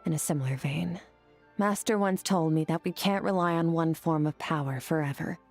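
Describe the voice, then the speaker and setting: An actress voicing a calm, aloof young female swordswoman in a video game, speaking in a measured, composed way. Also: low voice, soft background music. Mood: calm instructive.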